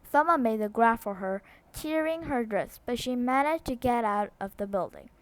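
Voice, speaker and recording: A woman's voice: fairly high pitch, lively intonation, normal speed, no room sound. Novel reader: a woman, non-native in English, reading steadily with small stumbles, close and dry. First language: Korean. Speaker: book reader.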